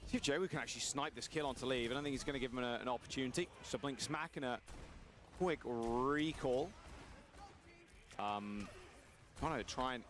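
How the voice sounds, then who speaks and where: A man's voice: mid-range voice, fairly bright tone, a little hiss or hum. Man calling esports play-by-play. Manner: follows the action, quick reactions.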